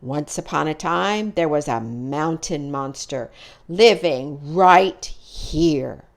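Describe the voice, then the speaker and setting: A woman voicing a young male moose who tells spooky campfire tales in a storybook reading, with a theatrical, booming delivery. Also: lively intonation, slow, vocal fry, full character voice.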